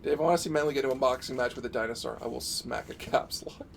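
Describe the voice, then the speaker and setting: A man's voice: mid-range voice, racing, vocal fry, a little hiss or hum. A man hosting a live stream, chatting casually and rambling in a self-mocking way. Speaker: game master and stream host.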